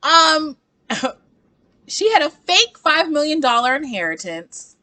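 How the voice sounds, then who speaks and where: A woman hosting a casual reaction video, chatty and sassy. Her voice is high and bright, and her pitch leaps around with animated energy. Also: slow. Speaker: book reviewer and reaction host.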